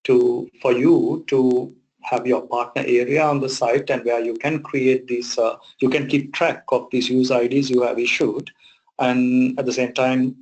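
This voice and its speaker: A man's voice: medium pitch, darkish tone, poor audio. A man leading a technical webinar, answering questions casually with many uhs and hesitations. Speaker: webinar presenter, digital strategy lead.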